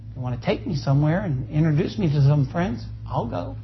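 Folksy high-voiced preacher. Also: male voice, lively intonation, a little fast, dull audio, slight background noise. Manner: folksy, joking, calls for amens. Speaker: pastor. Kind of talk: sermon. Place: church.

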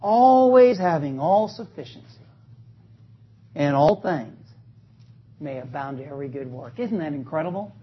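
A man preaching an energetic sermon in a church, joking with the congregation and calling for responses. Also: fairly high pitch, moderate pace, long pauses, noisy background. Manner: calls out to the congregation, joking, rising to loud exclamations. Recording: dull lo-fi recording.

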